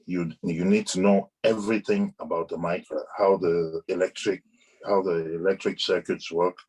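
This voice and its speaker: A man with a very low, deep voice talks through how things work in a relaxed interview. He speaks in a measured way, often restarting his sentences as he searches for the right example. His tone is patient and explanatory. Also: slightly rough. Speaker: airline pilot guest. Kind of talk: casual interview conversation.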